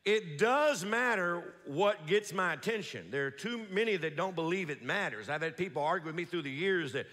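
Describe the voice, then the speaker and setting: A man preaching to his congregation in a sizeable church, his fairly high voice bright and forceful. He slows right down to repeat key words, calls out for amens, and his voice rings with a long reverb through the hall. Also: very animated. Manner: preaching with call-and-response, slow emphatic repetitions. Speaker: pastor. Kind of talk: sermon. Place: large church sanctuary.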